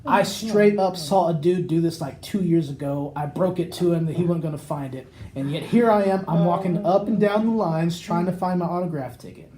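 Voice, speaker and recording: Man, podcast co-host, casual storytelling, higher pitch, warm tone. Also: a little fast, hardly any pauses. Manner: rambling, animated anecdote with acted quotes.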